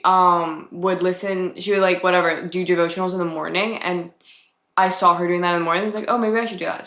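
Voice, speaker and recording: Young woman, podcast host, personal testimony, lots of fillers, lowish voice, echoey room. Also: fairly bright tone. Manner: chatty, many "like" fillers, reflective.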